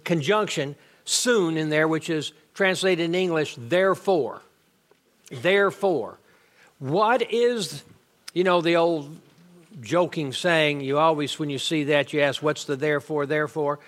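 A man's voice: high voice, fairly bright tone. A middle-aged man, teaching a Bible lesson and explaining grammar step by step with emphasis.

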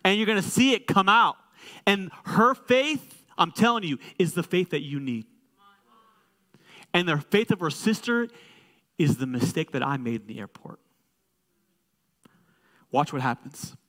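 A high, bright male voice preaching in a church. He is animated and joking, and he swings from quiet asides to loud bursts. The bright edge stays on his voice throughout. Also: unhurried, pauses often. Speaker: co-lead pastor. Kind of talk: sermon.

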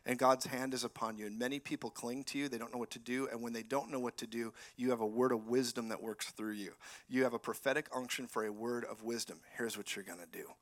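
A man preaching as a guest speaker in a church, animated and swinging between loud declarations and quiet prophetic words. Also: medium pitch, fast. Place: church sanctuary.

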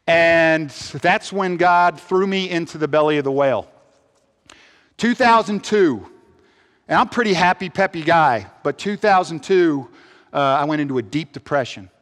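A man's voice: fairly high pitch, expressive, a little slow, long pauses. Earnest man testifying in a reverberant hall. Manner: earnest, swings from upbeat to hushed. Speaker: speaker giving a testimony. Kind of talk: personal testimony talk.

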